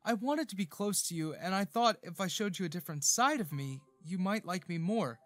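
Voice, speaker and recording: Brief: male reader as a weepy, pleading young man, voice slightly raised, over soft music. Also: high voice, animated, brisk, dry recording, pitched above the performer's own voice. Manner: pleading, voice shaking.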